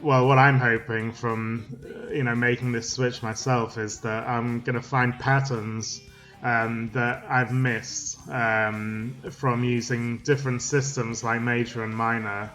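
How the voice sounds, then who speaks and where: A man talks through music theory in a loose, unscripted way, pausing often with ums and restarting his sentences. His voice sits at an everyday middle pitch. Faint music plays behind him. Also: flat delivery, fairly bright tone. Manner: halting, many ums and restarts. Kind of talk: casual spoken explainer.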